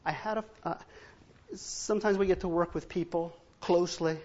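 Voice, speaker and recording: A man's voice: high voice, fairly even intonation, normal speed, darkish tone. A male preacher giving a sermon, telling Bible stories, acting out dialogue in different voices and adding humorous asides for the congregation. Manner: storytelling, acts out biblical and household dialogue in different voices. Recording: dull, muffled recording.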